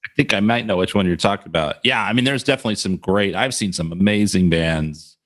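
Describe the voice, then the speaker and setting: A man hosting a music podcast, talking in an easygoing, casual way. His voice sits low. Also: fast talker, fairly bright tone. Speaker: podcast host. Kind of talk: casual interview chat.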